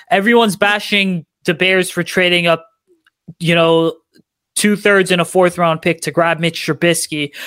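Young male sports-writer guest, high sharp voice, dry close sound. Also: dry recording. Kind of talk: casual chat.

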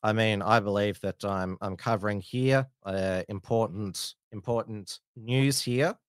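A man hosting a casual live-stream news show, talking in halting bursts with many "uh" fillers and restarts. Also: on the low side, clear, resonant tone, no echo, clean studio sound. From Australia.

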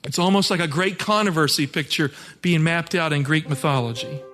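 A man's voice: fairly high pitch, brisk, fairly bright tone, long reverb tail, faint music behind. A man preaching an earnest, emphatic sermon as pastor.

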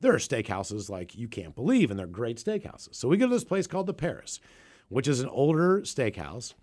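A man's voice: mid-range voice, big pitch swings, fairly quick, a little mellow. A man from the Seattle area, co-hosting a podcast, telling a profane, rambling story in casual chat. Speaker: podcast co-host.

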